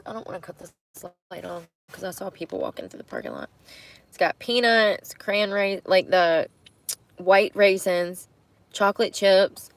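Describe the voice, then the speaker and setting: In a gravelly, medium-pitched voice, a young woman vlogs from her parked car, talking as she eats. Her chat is casual and relaxed, and she laughs a lot.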